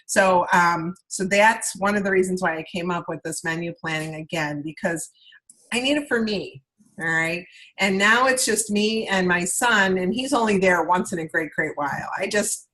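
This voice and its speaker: A woman's voice: on the low side, normal speed, bright, forceful tone, rough recording. A woman talking through a video call as a sales consultant training her directors. She is chatty, repeats herself and keeps checking in with "okay?" and "all right?".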